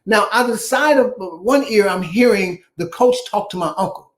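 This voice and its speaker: Older Chicago-raised man with a slightly high voice, telling stories and acting out the voices in them. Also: moderate pace. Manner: animated storyteller who acts out the dialogue. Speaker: guest, former basketball player. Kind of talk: storytelling interview.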